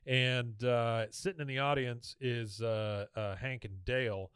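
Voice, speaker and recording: A man's voice: medium pitch, fairly even intonation, measured pace, fairly bright tone, clear, resonant tone, no room sound. Man recapping an episode, dry sound. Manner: chatty, retells scenes with filler and quoted lines. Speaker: podcast host.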